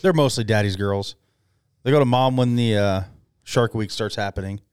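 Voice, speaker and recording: A man's voice: on the low side, moderate pace, darkish tone, clean tone, no echo, clean studio sound. A man co-hosting a casual podcast chat, explaining things and teasing his friends. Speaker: podcast co-host.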